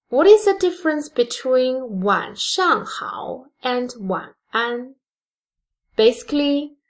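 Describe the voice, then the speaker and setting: A woman teaching a beginner lesson, speaking slowly and deliberately and drawing out example words. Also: high-pitched. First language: Mandarin Chinese. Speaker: Chinese language teacher. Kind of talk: slow, careful language lesson.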